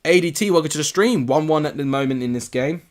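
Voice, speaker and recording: A man's voice: on the high side, quick pace. A young man from England hosting a live football watchalong, chatting casually and answering viewer comments. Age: young adult. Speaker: livestream host.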